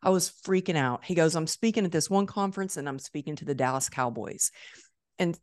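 Low-voiced woman host telling a story. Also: fairly quick, no echo, clean studio sound. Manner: animated storyteller, acts out quoted voices. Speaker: podcast host. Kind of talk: conversational interview storytelling.

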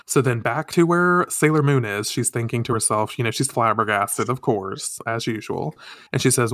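A man's voice: medium pitch, a bit bright, dry recording. Man recapping a comic, dry close sound. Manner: retells scenes with quick voiced asides; sarcastic jokes. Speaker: podcast co-host. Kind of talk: casual recap chat.

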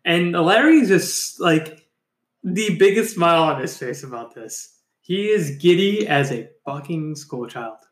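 A man's voice: on the high side, lively intonation, unhurried. A man co-hosting a casual podcast chat, teasing his co-host and telling stories with casual swearing. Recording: echoey room sound.

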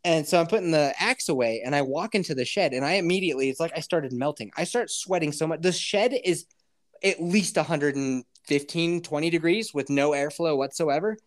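A man's voice: on the high side, brisk. A man in his thirties hosting a podcast, telling a story in casual chat, swearing freely and laughing often. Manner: profane, animated, laughs often.

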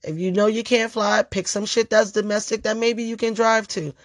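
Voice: mid-range voice, little pitch movement, normal speed, fairly bright tone, no room sound. A vlogger telling a story in a casual monologue, blunt, profane and emphatic.

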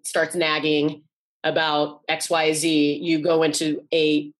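A woman's voice: deep voice, monotone, takes it slowly. A woman in her forties, a guest author, talking earnestly in a casual interview and often restarting and repeating her words. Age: 40s.

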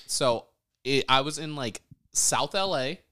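A man's voice: mid-range voice, animated, a little slow, a loud crowd. A young man on a casual podcast, telling a story about himself and often laughing as he acts out the people in it. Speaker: podcast co-host.

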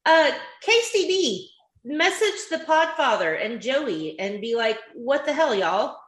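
Bright, giggly Southern woman. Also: high voice, sing-song, measured pace, reverberant, poor audio. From Southern United States. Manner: giggly, chatty. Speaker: podcast co-host. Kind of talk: casual chat on a live video call. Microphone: video call.

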